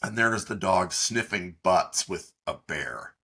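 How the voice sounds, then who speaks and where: A middle-aged man co-hosting a podcast, telling a long, halting story in casual chat with many fillers. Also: sits low, expressive, creaky, sharp tone, slight background noise. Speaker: podcast co-host.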